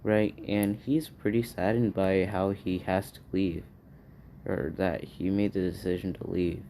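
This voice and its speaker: A man's voice: sits low, level tone, a little slow, dark tone, a little hiss or hum. A man improvising a fan story aloud, rambling and hesitant as he thinks it up.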